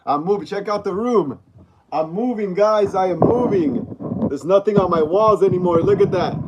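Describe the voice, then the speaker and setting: A man's voice: sits high, moderate pace, muffled recording, very noisy. A man hosting a casual livestream from a room at home, greeting viewers over and over and reading chat aloud. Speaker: livestream host. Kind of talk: casual live-stream chat. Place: room at home, mid-move.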